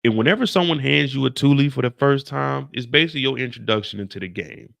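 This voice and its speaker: Gravelly, bright-voiced animated male streamer. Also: mid-range voice, fast talker. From Kansas City. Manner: loud, jokey and animated, raising his voice to entertain. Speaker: host of a TV show recap livestream. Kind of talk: casual livestream commentary.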